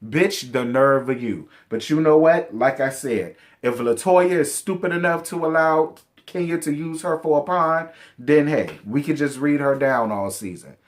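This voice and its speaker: A man's voice: on the high side, moderate pace. Sassy, blunt man recapping reality TV. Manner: sassy, blunt, profane, addresses cast members directly. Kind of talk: casual reality show recap commentary.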